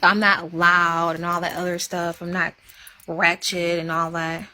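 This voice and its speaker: A woman's voice: lowish voice, little pitch movement, measured pace, pushed and bright. A woman chatting casually on a live stream, emphatic and repetitive for effect. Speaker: livestreamer.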